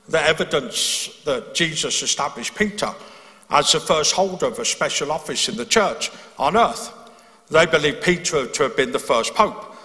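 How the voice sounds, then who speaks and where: A man's voice: a little high, bright, forceful tone. A man preaching a sermon, explaining earnestly and often restarting his phrases. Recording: long hall reverb.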